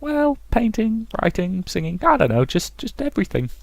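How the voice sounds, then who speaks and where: A man voicing a flighty, dreamy young woman artist who talks in a high, airy, sing-song way and trails off. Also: very animated, moderate pace, gravelly, no room sound, heavily acted.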